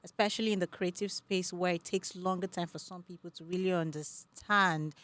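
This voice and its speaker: A woman co-hosts the podcast with a fairly low voice. She speaks in a measured, thoughtful way, reflecting on what her guest has said. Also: steady tone, a bit bright. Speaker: podcast co-host. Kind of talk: casual podcast interview.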